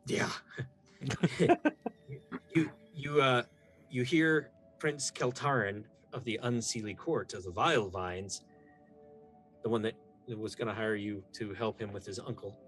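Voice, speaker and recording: A man's voice: lowish voice, takes it slowly, pauses often, fairly bright tone, soft background music. A man running a tabletop game as game master, narrating in a loose, chatty way.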